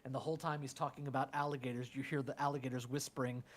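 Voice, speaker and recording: A game master running a tabletop game in an animated, playful way. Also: medium pitch, very fast.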